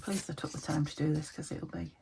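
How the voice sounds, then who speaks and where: A woman's voice: low-pitched, fairly even intonation, fast talker, creaky, noisy background. A woman from the UK chatting casually to her viewers while she crafts at her desk at home, talking to herself and hunting for words. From United Kingdom. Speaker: craft vlogger.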